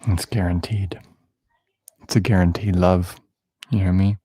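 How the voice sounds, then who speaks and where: A man's voice: low voice, fairly even intonation, measured pace, dark tone, breathy edge, no echo, studio quality. A man hosting a spiritual podcast, improvising a prophetic prayer over a listener in a playful, affectionate and rambling way that mocks himself.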